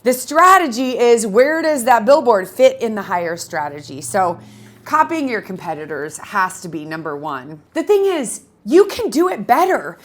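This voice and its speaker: A lively woman with a fairly high voice that swoops up and down as she coaches her audience. She talks to camera in a casual teaching style, emphatic and animated, and she is middle-aged. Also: normal speed. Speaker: photography business coach.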